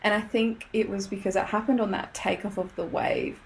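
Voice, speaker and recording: A young Australian woman, a podcast guest, telling a story in casual chat, animated and laughing often as she acts out what people said. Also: medium pitch, brisk, creaky, slight background noise.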